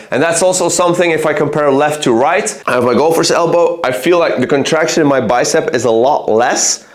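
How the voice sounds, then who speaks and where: A man's voice: medium pitch, echoey room. A man talking casually to camera about his own training, earnest and thinking aloud as he points to his arms. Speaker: fitness vlogger. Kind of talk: casual explanatory talk to camera.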